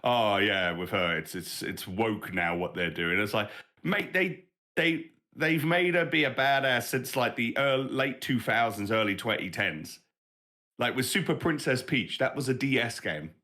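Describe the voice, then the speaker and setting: A man's voice: mid-range voice, measured pace, bright, forceful tone. A British man in his thirties co-hosting a podcast, chatting casually, swearing freely and laughing often. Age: 30s. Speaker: podcast co-host. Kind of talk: casual chat.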